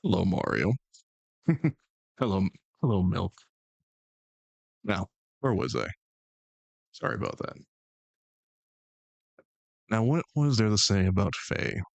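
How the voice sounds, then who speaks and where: A man's voice: fairly low pitch, sing-song, slow pace, vocal fry, pauses often, no echo, lo-fi sound. A man hosting a live stream, chatting casually and playfully bantering with his chat and thanking viewers. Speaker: streamer host.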